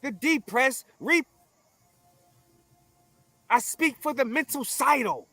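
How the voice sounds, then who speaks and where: Interview guest, male, high and bright, forceful and profane, builds phrases like a preacher. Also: lively intonation, takes it slowly, no echo, faint music behind. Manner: forceful, emphatic, preaching cadence with repeated phrases; profane, blunt. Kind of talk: confrontational conversational interview.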